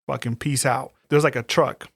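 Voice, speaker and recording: Recapping a horror film on a podcast he co-hosts, a man tells the story with profane energy, acting out quotes along the way. His mid-range voice is creaky and moderately paced, recorded in studio quality without room sound.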